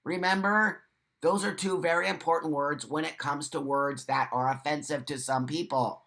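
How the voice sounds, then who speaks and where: A man's voice: on the high side, steady tone, moderate pace, gravelly, bright, forceful tone. An American man hosting a live morning chat, reading viewer comments and answering in blunt, profane rants. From United States. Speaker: livestream host.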